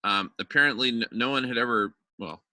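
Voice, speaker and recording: A man's voice: mid-range voice, brisk, sharp tone, dry recording. A man in his fifties hosting an online gathering, telling friendly anecdotes in casual chat. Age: 50s. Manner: friendly, chatty storyteller. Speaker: host.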